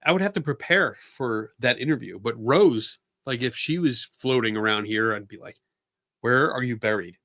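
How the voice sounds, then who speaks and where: A stuffy-sounding male host with a Philadelphia accent, talking loosely and halting a lot. His voice sits at an ordinary pitch. The room around him is dry and close, with almost no echo. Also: lively intonation, a bit bright. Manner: rambling, halting, laughs often. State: stuffy nose. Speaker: podcast host. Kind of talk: casual livestream chat.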